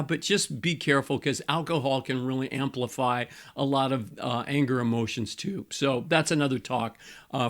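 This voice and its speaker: Older pastor coaching couples, slightly high voice. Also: male voice. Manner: conversational, repeats key points, frequent fillers. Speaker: Christian marriage coach and pastor. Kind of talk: teaching to camera.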